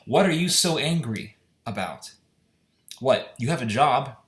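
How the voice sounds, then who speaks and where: A man's voice: medium pitch, expressive, unhurried. A man giving an impassioned, indignant solo opinion monologue, firing off rhetorical questions. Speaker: commentator. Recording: echoey room.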